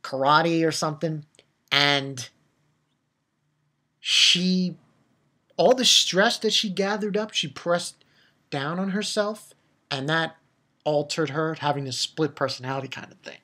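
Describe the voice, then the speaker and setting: An anime reviewer retells an episode in casual, rambling fashion, often restarting sentences and leaning on fillers. The voice sits at a middle pitch and turns emphatic over the story's emotional moments. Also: slow pace, pauses often, bright, forceful tone.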